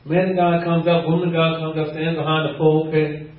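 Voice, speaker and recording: A man preaching a teaching sermon, animated and laughing often, acting out the quotes he reads. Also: a little high, brisk. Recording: roomy, distant, muffled.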